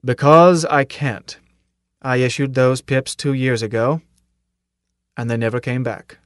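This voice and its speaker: A man voicing a stern, gruff older military commandant in an audiobook, speaking in a clipped, authoritative way and firing off pointed questions. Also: mid-range voice, fairly even intonation, measured pace, dry recording, studio quality, lightly acted. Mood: commanding. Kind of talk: audiobook character reading.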